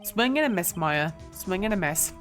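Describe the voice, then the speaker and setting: A woman's voice: on the low side, expressive, normal speed, a bit bright, faint music behind. Woman doing a dry young male lawyer. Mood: wry.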